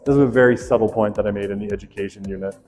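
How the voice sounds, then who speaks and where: A man's voice: fairly low pitch, fairly even intonation, racing, a little mellow, big-room sound, faint music behind. A male instructor running a class quiz review, reading questions aloud and joking with students.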